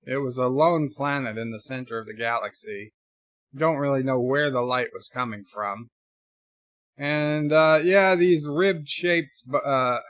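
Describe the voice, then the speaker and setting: A man's voice: medium pitch, a bit bright, no echo. Guy streaming a movie, reading chat, sarcastic little jokes, dead dry close mic. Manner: wry, sarcastic asides with fillers. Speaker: streamer watching a film with chat. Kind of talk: casual live commentary, reading chat.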